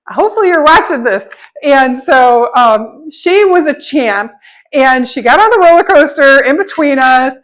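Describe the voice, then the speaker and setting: Chatty high-voiced woman telling stories. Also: poor audio. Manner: chatty, laughs often, acts out quoted voices. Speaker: vlogger. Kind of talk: casual storytelling vlog.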